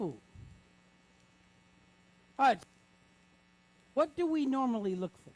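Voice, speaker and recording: A man leads a classroom reading lesson at an unhurried pace. He sounds words out syllable by syllable. He checks in with his students again and again as he goes. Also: very high voice, big pitch swings. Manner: patient, checks in with frequent "right?"; spells out sounds slowly, syllable by syllable. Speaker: teacher.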